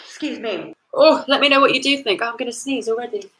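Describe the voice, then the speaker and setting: A woman's voice: on the high side, fast talker. A woman teaching Shakespeare in an online lesson, sniffly and caught by sneezing fits, often breaking off to excuse herself. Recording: echoey room with faint noise.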